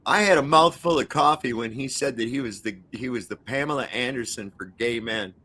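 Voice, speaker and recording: A man's voice: medium pitch, a little fast, over a noisy crowd. A man as a guest on a casual live-stream chat, rambling and crude, tacking "man" onto his sentences. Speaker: panel guest.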